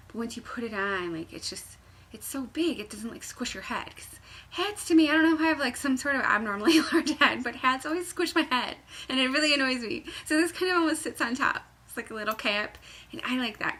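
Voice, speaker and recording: A woman's voice: a little high, a bit bright, breathy edge. A young woman chatting through a knitting tutorial at home, bubbly and rambling, with sudden squeals, jokes and whispered asides. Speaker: knitting pattern designer. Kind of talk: chatty craft tutorial vlog. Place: home room by a fireplace.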